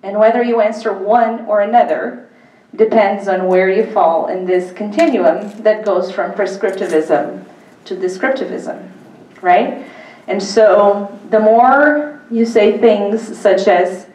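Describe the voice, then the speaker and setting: A woman's voice: mid-range voice, measured pace, dark tone. A woman giving an academic lecture at a public symposium, speaking conversationally with frequent ums and uhs. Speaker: university lecturer. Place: lecture hall. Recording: echoey hall, mic from far off.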